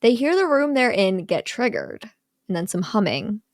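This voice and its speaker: A young woman co-hosting a podcast, recapping a horror movie in an animated, chatty way, full of "like" and acted-out quotes. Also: mid-range voice, normal speed, no echo, studio quality. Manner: animated storyteller, lots of "like", acts out quotes. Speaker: podcast co-host recapping a film.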